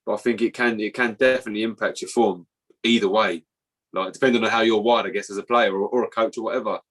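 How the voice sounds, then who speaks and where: A man co-hosting a casual podcast, relaxed and agreeable. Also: fairly low pitch, quick pace. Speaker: podcast co-host.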